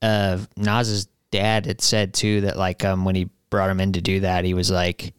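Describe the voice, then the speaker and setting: A young man from the Midwest talks through a song in loose, rambling chat, his low voice smooth and resonant. The sound is dry and close, with no room around it. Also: completely flat delivery, normal speed, hardly any pauses, no echo. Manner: rambling, full of fillers and restarts. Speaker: podcast co-host. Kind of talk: casual music discussion.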